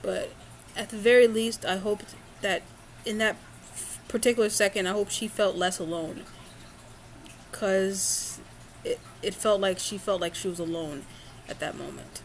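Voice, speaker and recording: A woman's voice: medium pitch, steady tone, measured pace, pauses often, a little hiss or hum. Woman rambling through a story, faint ambience. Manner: rambling, full of fillers and restarts. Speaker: vlogger. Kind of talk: casual storytelling monologue.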